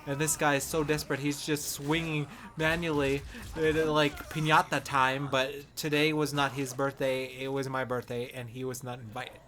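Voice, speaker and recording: A man's voice: medium pitch, noisy background. A man hosting a casual game guide, talking in a playful, rambling, jokey way. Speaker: gaming channel host.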